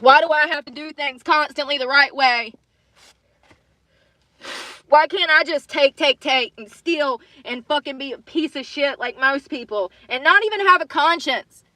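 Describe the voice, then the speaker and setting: Bright-voiced woman ranting in anger. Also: high-pitched, moderate pace, dry recording. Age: adult with children. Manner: angry, swearing, repeating herself. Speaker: livestreamer. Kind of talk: emotional livestream rant. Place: in her car.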